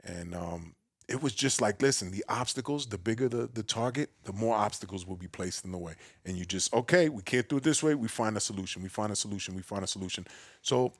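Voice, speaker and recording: A man from the Bronx with a New York accent, a podcast guest telling his story in a big, loud, boisterous way. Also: a little fast, no echo, clean studio sound. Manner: acts out quoted voices with a raised pitch. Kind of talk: casual storytelling conversation.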